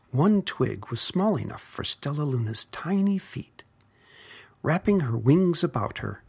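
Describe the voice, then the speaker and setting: Slow breathy whispered story reading. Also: medium pitch.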